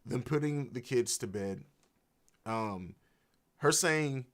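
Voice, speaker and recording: A man's voice: lowish voice, a little slow, a bit bright. Impassioned man reacting on a livestream. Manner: impassioned, swears freely, many restarts. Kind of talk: emotional unscripted reaction livestream. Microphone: streaming mic.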